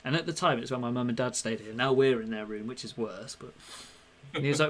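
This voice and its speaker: A man's voice: mid-range voice, fast talker. Man telling stories, acting out quotes. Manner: animated storyteller, acts out quotes. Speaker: podcast co-host. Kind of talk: casual chat.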